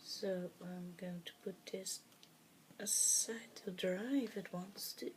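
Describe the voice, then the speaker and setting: A woman's voice: fairly low pitch, steady tone, slow, a little mellow, slight background noise. A woman whose first language is Dutch, talking through a craft project in a casual, hesitant way with many fillers, muttering to herself as she works. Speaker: craft tutorial host.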